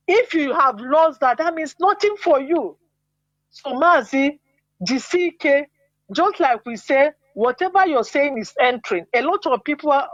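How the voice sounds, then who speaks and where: A woman's voice: sits high, dry recording. Nigerian woman caller on a dull phone line. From Igbo land, Nigeria. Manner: passionate, repetitive, talks in long run-on stories. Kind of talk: call-in radio commentary. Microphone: WhatsApp call. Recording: dull lo-fi WhatsApp call.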